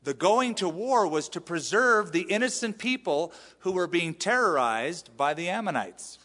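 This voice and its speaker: A male pastor giving an animated sermon, acting out the quotes he reads. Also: sits high, normal speed, in a large hall. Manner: animated preaching with acted-out quotes. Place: church sanctuary.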